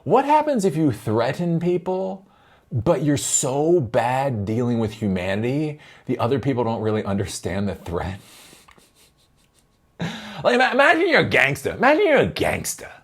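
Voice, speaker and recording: Male vlog host, rambling, profane, laugh-prone, very animated pitch. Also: moderate pace, husky. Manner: rambling, laughs often, swears. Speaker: tech commentator. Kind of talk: casual commentary vlog.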